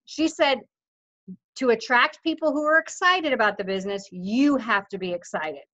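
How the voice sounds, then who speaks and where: A woman's voice: on the high side, expressive, moderate pace, sharp tone, highs cut off. A woman leading her team on a video call, coaching in a casual, upbeat and insistent way, acting out what others say. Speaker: team leader coaching affiliates.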